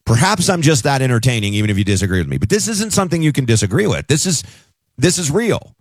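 A male talk radio host arguing his point in an emphatic, conversational way. His pitch swings widely as he presses on. The studio sound is dry and close. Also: very animated, fast, no echo.

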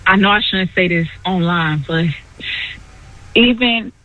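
A woman's voice: on the low side, measured pace, dry recording. A woman calling into a show, chatting in a friendly way and laughing easily. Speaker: caller. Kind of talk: phone call to a live show. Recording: dull phone-quality line.

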